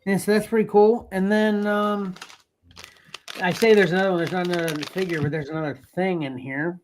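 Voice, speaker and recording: A man's voice: high voice, steady tone, brisk, a little hiss or hum. A man co-hosting a casual podcast chat, talking loosely with frequent laughs and trailing phrases. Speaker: co-host.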